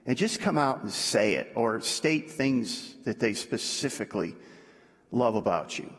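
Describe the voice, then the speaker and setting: A man preaching a sermon in a conversational way, dropping low and soft to make his points. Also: expressive, a little slow. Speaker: pastor. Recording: echoey hall.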